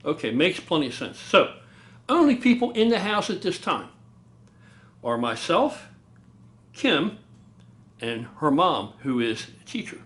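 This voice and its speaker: Male storyteller, slightly high voice, very lively delivery, casual ghost-story telling with shouted sound effects. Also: measured pace, pauses often. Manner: animated, loud booming sound effects, swears.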